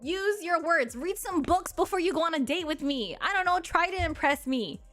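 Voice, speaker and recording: A woman in her thirties chats with her stream viewers in a high, bright voice. She is blunt, sassy and crude, and laughs often. Soft music plays under her talk. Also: expressive, brisk. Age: 30s. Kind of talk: casual chat to chat readers.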